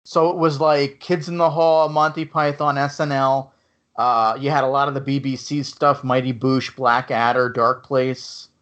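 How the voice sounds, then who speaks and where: A man's voice: medium pitch, flat delivery, normal speed, fairly bright tone. A man hosting a podcast in casual chat, joking and chatty, often repeating his words as he talks. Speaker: podcast host. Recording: muffled lo-fi podcast audio.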